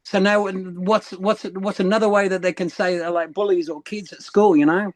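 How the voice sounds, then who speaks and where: A man's voice: high-pitched, normal speed, no room sound. A man, a guest speaker, telling stories in a casual interview and acting out voices as he goes. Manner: animated, acts out voices, repeats phrases.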